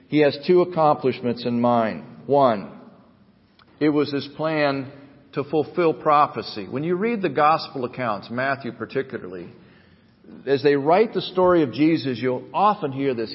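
A male pastor preaches at a middle pitch, letting his phrases climb and press for emphasis before settling back into steady teaching. The recording is muffled and dull, and his voice trails off into a long hall reverb. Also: unhurried, slightly rough. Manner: preaching with rising emphatic cadence. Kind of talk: sermon.

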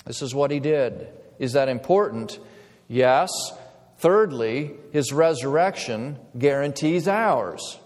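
A male pastor preaching a sermon in measured, emphatic phrases with deliberate pauses, speaking to a congregation in a church sanctuary through a pulpit mic. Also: mid-range voice, lively intonation, a little mellow. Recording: long hall reverb.

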